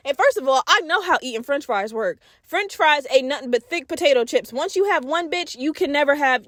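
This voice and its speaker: Young woman podcaster, high voice, cussing and animated telling a story, dry close mic. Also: no echo. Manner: profane, animated, talks straight to listeners. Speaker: podcast host. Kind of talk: casual storytelling.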